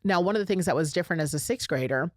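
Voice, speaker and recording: A woman's voice: lowish voice, expressive, very fast, no room sound, studio quality. A middle-aged woman hosting a podcast, talking casually and emphatically to her listeners in a chatty way. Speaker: podcast host. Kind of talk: casual solo podcast talk.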